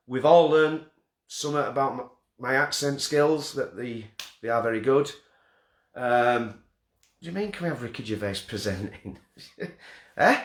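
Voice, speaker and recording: A man's voice: medium pitch, expressive, unhurried, pauses often. Guy hosting a stream from his front room, jokey and rambly, bit of room echo. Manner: jokey, self-deprecating, rambling. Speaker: festival host announcing winners. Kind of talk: casual live-stream hosting.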